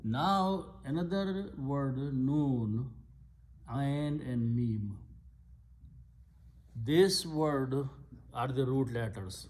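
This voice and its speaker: A man's voice: medium pitch, very slow, pauses often, darkish tone. A man teaching Arabic grammar of scripture in a patient lesson, explaining step by step and repeating key words. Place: Islamic center classroom.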